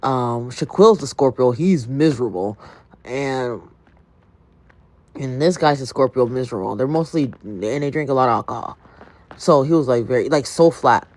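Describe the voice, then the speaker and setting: A woman's voice: a bass voice, animated, moderate pace, a little mellow, no room sound. A woman hosting a livestream, chatting animatedly and telling her viewers a story. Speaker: livestream host.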